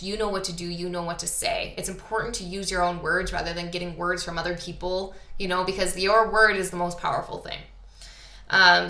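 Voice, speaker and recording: A woman's voice: mid-range voice, pushed and bright, echoey room. A woman from Canada hosting a podcast, talking casually and enthusiastically about spiritual topics with lots of fillers. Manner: enthusiastic, chatty, uses many fillers. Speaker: podcast host.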